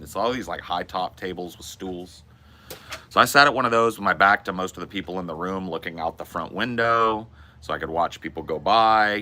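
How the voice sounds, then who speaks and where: A man's voice: deep voice, pushed and bright, slight background noise. A man hosting a podcast, telling a loose, profane, rambling story in casual chat. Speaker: podcast host.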